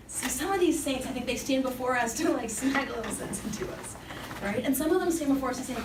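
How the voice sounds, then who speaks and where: A woman's voice: sits high, quick pace. A woman speaking to young people at a Catholic summer program, casual and joking as she preaches. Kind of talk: faith talk to young people. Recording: echoey room, distant mic, background noise.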